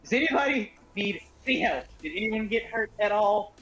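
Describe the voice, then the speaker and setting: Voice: medium pitch, animated, moderate pace, a bit bright. A player in a tabletop game on a voice call, hesitant and full of restarts, who bursts out in squeamish reactions. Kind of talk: casual tabletop game chat.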